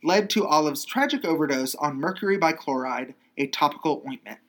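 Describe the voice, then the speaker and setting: A woman's voice: low voice, animated, brisk, a bit bright. A woman co-hosting a casual chat podcast, chatty and swearing freely, reading from her notes. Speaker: podcast co-host.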